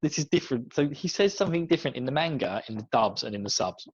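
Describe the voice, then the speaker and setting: A man's voice: medium pitch, lively intonation, fast talker, husky, no room sound. A man co-hosting a casual podcast who laughs often and mimics characters as he talks. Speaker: podcast co-host. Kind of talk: casual podcast review chat. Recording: dull, slightly muffled dry mic.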